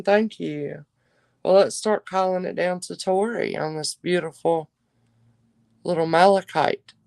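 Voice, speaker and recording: A woman's voice: on the low side, creaky, no echo. A woman hosting a live-stream jewelry auction, chatting with viewers and calling them darling. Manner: chatty, warm endearments to viewers.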